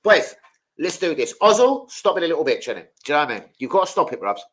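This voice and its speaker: A man's voice: a little high, big pitch swings, rapid-fire, a bit bright. A young man chatting casually about football as a streamer, slangy and sweary.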